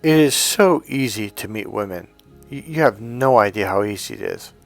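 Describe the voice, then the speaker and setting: A man's voice: fairly low pitch, expressive, normal speed, gravelly, soft background music. A middle-aged man coaching on dating, telling stories bluntly, swearing freely and acting out both sides of conversations. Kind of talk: storytelling to camera.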